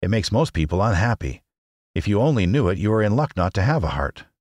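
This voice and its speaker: A man's voice: on the low side, big pitch swings, brisk, a little mellow, no room sound, studio quality. A man voicing a meek little man who plays at being a wizard, in a mild, explaining tone. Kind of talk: audiobook character reading.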